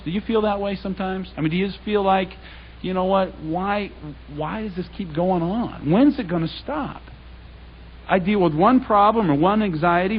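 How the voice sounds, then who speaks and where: A man giving a talk to a congregation, animated and conversational, retelling scripture in everyday speech. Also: sits high, breathy edge. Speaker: public speaker. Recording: dull lo-fi recording.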